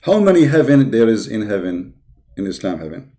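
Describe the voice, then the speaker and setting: A man's voice: fairly low pitch, very animated, fairly quick, dark tone. Male host, combative debate call, keeps repeating phrases. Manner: argumentative, interrupts, repeats phrases. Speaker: show host.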